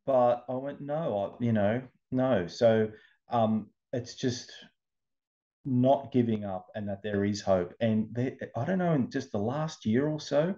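A man's voice: medium pitch, a little slow, mellow, dull audio. A man telling his personal story as an interview guest, earnest and emotional, often repeating words.

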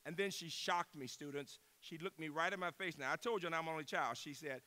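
A man in his sixties, a university president, giving an inspirational keynote speech and telling stories with emphasis, moving from loud bursts to hushed tones. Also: fairly high pitch, fairly quick. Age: 60s.

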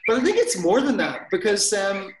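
A man's voice: high-pitched, big pitch swings, normal speed, roomy sound, poor audio. A man with a Northern Irish accent, chatting as a guest on a video call in a rambling, jokey, self-deprecating way. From Northern Ireland. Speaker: guest illustrator and author. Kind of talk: casual chat.

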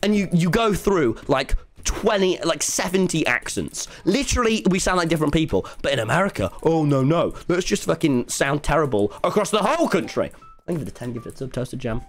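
A man's voice: fairly high pitch, sing-song, faint music behind. A man with an English accent, chatting casually on a livestream while gaming, rambling and swearing as he rants. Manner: rambling, profane, quick to rant.

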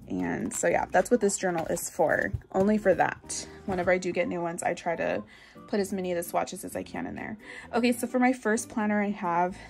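A woman's voice: medium pitch, gravelly, darkish tone. A young woman vlogging casually from her bedroom, chatty and bubbly, with lots of "um"s and "like"s. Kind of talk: casual show-and-tell vlog.

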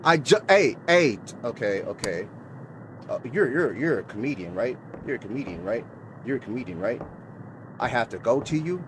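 Over a noisy background and loud game music, a gaming host with a mid-range voice and lively intonation speaks at normal speed. His horror let's-play commentary is nervous rambling full of repetition, aimed at viewers he calls bro and y'all, as he sweats in fear.

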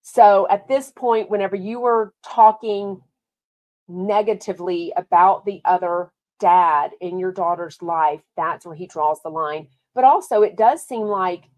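Texan lady podcaster, chatty and casual, mid-pitch voice, talks fast and loose. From Texas. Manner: chatty, lively, reads viewer comments aloud. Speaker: podcast host. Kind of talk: casual chat.

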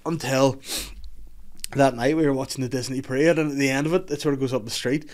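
A man in his thirties with a Scottish accent, hosting a podcast and telling an animated, laughing, sweary story. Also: mid-range voice, fast talker. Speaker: podcast host. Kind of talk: casual chat, storytelling.

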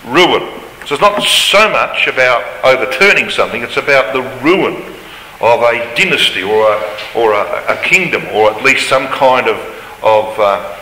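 A man's voice: mid-range voice, animated, normal speed, sharp tone, slight background noise. A man giving an emphatic Bible study lecture, his voice rising when he reads scripture aloud. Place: large lecture hall. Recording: roomy hall reverb, faint ambience.

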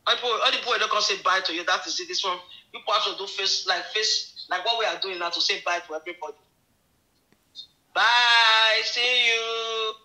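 A woman's voice: medium pitch, rapid-fire, sharp tone, rough recording. A woman, a mother reassuring her daughter in a preachy, teasing way.

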